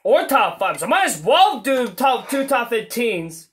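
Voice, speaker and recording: A man giving live commentary over his own racing gameplay, frustrated, swearing and often shouting. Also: very high voice, very animated, measured pace, poor audio.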